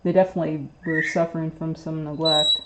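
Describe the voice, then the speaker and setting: A woman's voice: low voice, little pitch movement, brisk, very noisy. A woman host casually telling a long story on a livestream, rambling with many fillers and restarts. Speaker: pet bird channel host.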